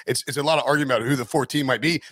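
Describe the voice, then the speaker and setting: A man's voice: mid-range voice, fairly even intonation, rapid-fire, a bit bright, slightly rough, no room sound, clean studio sound. A man co-hosting a sports betting show, rambling through his points with lots of restarts. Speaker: sports betting podcast co-host. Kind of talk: casual sports chat.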